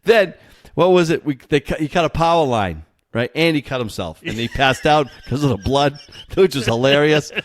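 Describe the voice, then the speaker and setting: A man co-hosting a podcast, telling work anecdotes in a casual, animated way and laughing as he goes. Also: fairly high pitch, normal speed. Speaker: podcast co-host. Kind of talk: casual storytelling.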